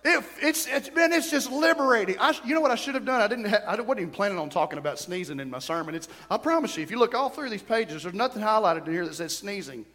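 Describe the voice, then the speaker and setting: Middle-aged male pastor with a high voice, animated storyteller, preaching in a church with long reverb. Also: fast talker, hardly any pauses. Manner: animated storytelling with sudden bursts and drops. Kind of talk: sermon. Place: church sanctuary.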